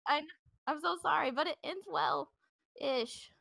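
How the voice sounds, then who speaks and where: A woman's voice: sits high, big pitch swings, slow pace, creaky, bright, forceful tone, no echo, studio quality. A woman hosting a podcast, telling a true-crime story in a loose, chatty way with plenty of fillers and restarts. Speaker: podcast host. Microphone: podcast microphone.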